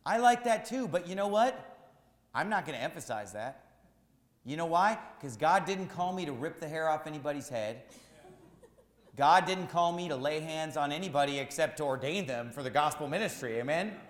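A man preaching a sermon as pastor, emphatic and repetitive, rising to shouts at times. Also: on the high side, animated, moderate pace, echoey room, in a large hall.

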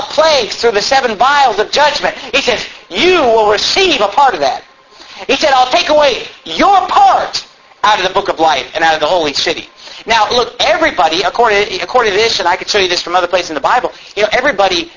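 A man preaching with a high, bright voice that presses hard on key words. His delivery is folksy and emphatic, full of questions to the congregation. The recording is slightly dull, with faint room ambience behind him. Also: slight background noise. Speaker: pastor. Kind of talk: sermon.

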